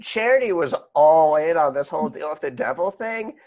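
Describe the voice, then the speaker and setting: A man's voice: on the high side, animated, normal speed, a little mellow. A man co-hosting a podcast, chatting casually about a film, joking and swearing freely. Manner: joking, swears freely, acts out characters in asides. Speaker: podcast co-host. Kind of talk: casual chat.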